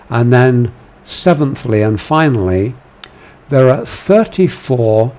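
Slow-paced man teaching scripture. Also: mid-range voice, a little mellow. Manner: measured, with frequent "uh" fillers; gives quoted commands with raised force. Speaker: Bible teacher. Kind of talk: lecture on a biblical book.

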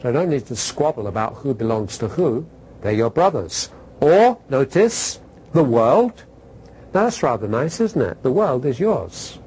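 A man's voice: mid-range voice, very animated, normal speed, a little mellow, slight background noise, poor audio. A man preaching a sermon to a congregation in a conversational way, asking rhetorical questions and telling stories. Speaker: pastor.

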